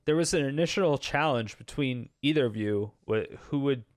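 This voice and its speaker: A man's voice: medium pitch, normal speed, no room sound. Male host, casual streamer chat, laughs a lot, dry close mic. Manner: laughs often, swears, animated storytelling.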